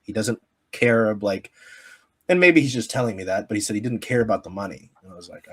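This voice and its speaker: Laughing, rambling American sports reporter. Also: male voice, fairly low pitch, brisk, fairly bright tone, husky. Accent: Pacific Northwest American. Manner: rambling, laughs often, many fillers. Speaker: sports media creator, guest. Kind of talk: casual podcast interview storytelling.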